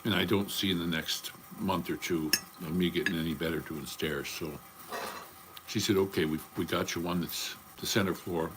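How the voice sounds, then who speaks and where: A man's voice: deep voice, fairly even intonation, normal speed, noisy background. An older man chatting casually on a livestream, rambling from topic to topic in a blunt, profane way. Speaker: livestream host.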